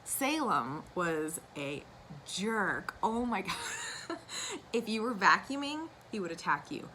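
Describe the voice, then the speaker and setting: A woman's voice: medium pitch, sing-song, takes it slowly, sharp tone, a little hiss or hum, poor audio. A young woman chatting casually to camera about her cross-stitch, gushing and wandering into asides. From United States.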